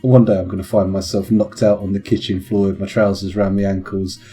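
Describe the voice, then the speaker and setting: A man's voice: deep voice, level tone, a little fast, warm tone, faint music behind. A man with children, chatting casually and rambling into punning tangents while streaming a game. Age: adult with children. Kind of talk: casual live-stream commentary.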